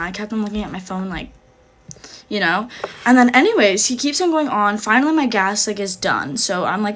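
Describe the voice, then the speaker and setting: A woman's voice: fairly high pitch, lively intonation, brisk, fairly bright tone, a little hiss or hum. A young woman telling a story in a casual vlog, chatty and full of "like". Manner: chatty, fills every phrase with "like".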